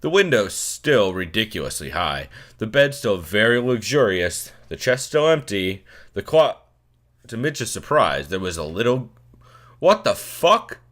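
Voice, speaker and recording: A man's voice: lowish voice, sing-song, a little slow, a bit bright. A young man hosting a let's play, reading a text game aloud and joking with lots of swearing. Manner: profane, joking, riffing.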